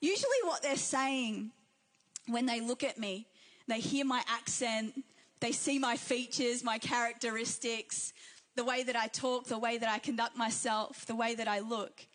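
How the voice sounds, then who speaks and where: High-voiced Australian woman preaching. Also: a little slow, fairly bright tone. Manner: emphatic preaching, repeating key phrases. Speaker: pastor. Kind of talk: sermon.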